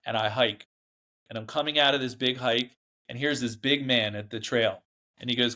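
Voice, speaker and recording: A man's voice: medium pitch, steady tone, normal speed, bright, forceful tone. A man, a guest in an interview, recounting his past in a rambling, emphatic way, often acting out what others said. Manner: rambling, emphatic, acts out quoted dialogue. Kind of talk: candid storytelling interview.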